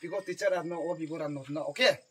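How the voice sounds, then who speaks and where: A man playing a teacher, talking in halting broken English mixed with Hindi and repeating his words. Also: on the high side, slight background noise. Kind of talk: improvised comedy skit.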